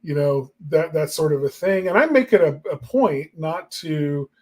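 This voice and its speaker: A man's voice: on the high side, animated, moderate pace. A man co-hosting a marketing talk show, musing in casual chat with lots of fillers. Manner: reflective and rambling, many fillers.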